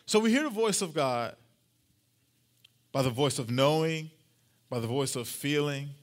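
A man preaching a sermon as a pastor, talking conversationally and often checking in with the congregation, slowing down on key lines. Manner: swings pitch up for emphasis, slows down on key lines.

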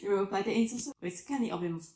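A woman's voice: medium pitch, rapid-fire, darkish tone, roomy sound. A French woman from Alsace hosting a podcast, chatting casually about a memoir, laughing often and restarting her sentences. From Alsace, France. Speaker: podcast host. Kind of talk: casual chat about a book.

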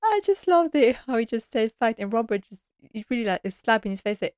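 A woman talks through a TV episode in a relaxed, chatty recap, laughing often and slipping into the characters' lines. Her enthusiasm carries the whole thing. The sound is close and dry. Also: fairly high pitch, fairly quick, smooth, no echo. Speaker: TV episode reviewer. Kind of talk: casual recap vlog.

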